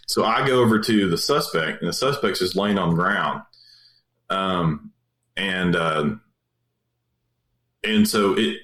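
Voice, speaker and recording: A man's voice: lowish voice, fairly bright tone. A man, a police officer, telling a story in a casual, rambling way with many fillers and restarts. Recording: roomy echo.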